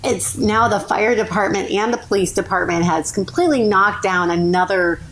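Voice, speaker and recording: A woman guest on a podcast, telling a story in a lively, animated way and acting out the people in it. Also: medium pitch, normal speed, a little hiss or hum, rough recording. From New Orleans. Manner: animated, acts out voices in her stories. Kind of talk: casual storytelling.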